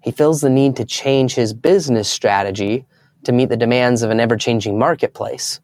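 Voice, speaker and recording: A man's voice: mid-range voice, normal speed, a little mellow, no echo. A young adult man, a guest in an interview, telling stories earnestly and acting out the voices of people he quotes. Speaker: guest speaker. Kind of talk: storytelling in an interview.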